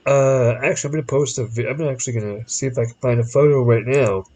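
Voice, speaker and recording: Talking fast in a mid-range voice, this male podcast host spins a long, casual story, performing the people he quotes in different voices. His delivery is animated and rambling, with frequent restarts. The recording is rough.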